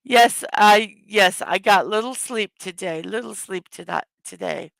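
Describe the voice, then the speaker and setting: Tired, hoarse woman greeting her chat. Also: medium pitch, unhurried, dry recording. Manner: warm greetings to chat viewers one by one. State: tired from little sleep. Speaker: livestream host. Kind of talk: casual morning livestream chat.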